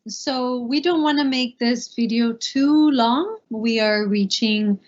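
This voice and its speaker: A woman's voice: fairly high pitch, slow. A woman co-hosting a language lesson, explaining in a friendly way and putting questions to the learners. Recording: dull lo-fi audio.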